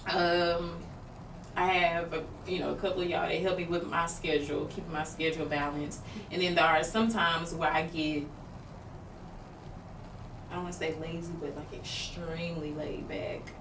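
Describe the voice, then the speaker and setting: This co-host's voice sits low with little pitch movement, at a moderate pace. She speaks openly and rambles about her personal struggles, filling pauses often; the recording is distant from the mic, roomy, and noisy.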